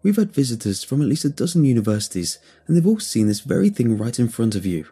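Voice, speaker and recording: A man's voice: medium pitch, very animated, fast talker, mellow, husky. A man voicing an earnest male scientist who pleads with a raised voice. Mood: pleading.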